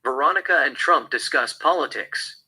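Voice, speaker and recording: A man reads a screenplay's stage directions aloud in a flat, even delivery. His voice is sharp and bright, with a husky texture. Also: fairly high pitch, moderate pace, rough recording. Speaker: script reader.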